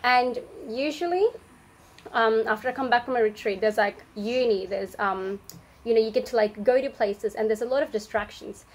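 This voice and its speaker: A woman's voice: on the high side, moderate pace, poor audio. Easygoing young Australian woman podcaster. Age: young adult. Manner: easygoing, reflective, frequent ums. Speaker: podcast co-host. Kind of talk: casual faith chat.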